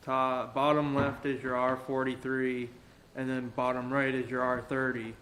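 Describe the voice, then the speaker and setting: A man's voice: medium pitch, measured pace, slight background noise, poor audio. Man, engineer presenting plans, mid voice, explanatory. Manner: explanatory, steady. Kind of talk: explaining a site plan.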